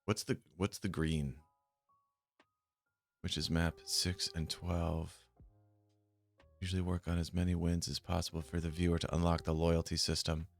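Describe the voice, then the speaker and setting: A man speaks at a moderate pace in a low, level voice with vocal fry, pausing often. Live-streaming casually, he plays a game and checks options trades, muttering and swearing when annoyed, with faint music in the background.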